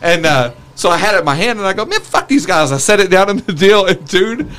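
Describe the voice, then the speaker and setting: A man's voice: high voice, fast. A man telling a wild story in casual chat, swearing freely and laughing as he goes. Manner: profane, animated, laughs through his stories.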